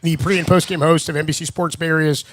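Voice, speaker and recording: Man, young, high-pitched, sports radio co-host, casual, jokey, laid-back. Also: steady tone, quick pace, a bit bright, slight background noise. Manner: loose, jokey, says dude a lot.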